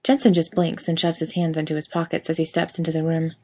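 A woman reads a story aloud with a wry, casual delivery that lets the odd swear word through. Her voice sits a little low. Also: completely flat delivery, quick pace, a little mellow, breathy edge. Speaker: reader. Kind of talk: storytelling narration.

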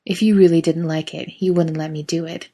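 A woman putting on a wry adult man who meets his partner with dry, teasing retorts. The voice is husky and dark, low in pitch. The tone stays level and unhurried. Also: steady tone.

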